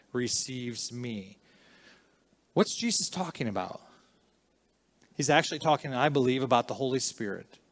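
A man preaching a sermon, earnest and emphatic in places, quieter and reflective in others. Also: mid-range voice. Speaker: pastor.

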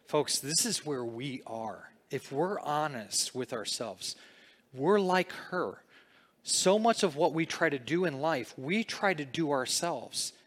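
Middle-aged man preaching through a story. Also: slow. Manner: storytelling, conversational, with lively swings in pitch and loudness. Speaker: pastor. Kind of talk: sermon.

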